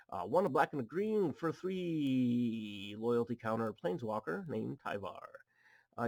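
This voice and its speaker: A man hosts a card pack opening video from his home apartment, chatting casually and reading card text aloud with goofy asides. His voice is mid-range with vocal fry, and there's no room sound.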